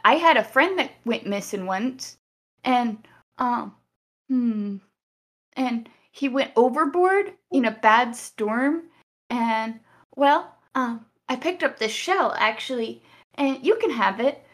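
A woman voicing an earnest young woman adventurer who comforts others with halting, rambling words. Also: on the high side, expressive, a bit bright, pitched above the performer's own voice, heavily acted. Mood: consoling.

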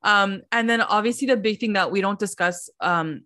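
A woman's voice: mid-range voice, moderate pace, pushed and bright. A young woman co-hosting a podcast, chatting casually and filling her talk with "like" as she acts out quotes. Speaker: podcast co-host. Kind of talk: casual recap chat.

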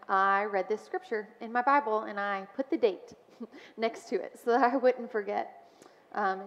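A woman sharing a personal testimony in church, speaking in a storytelling way with frequent ums. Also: medium pitch. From Mobile, Alabama. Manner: warm storytelling with frequent ums and soft laughs. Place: church sanctuary. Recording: dull sound with long church reverb.

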